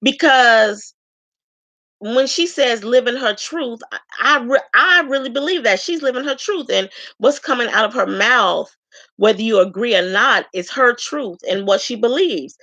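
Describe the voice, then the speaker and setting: A woman from Chicago giving a frank, chatty self-introduction to her viewers, pausing often with ums. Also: a little high, animated, bright, forceful tone, no echo. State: tearful at times. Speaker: vlogger introducing herself. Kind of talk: casual self-introduction to camera.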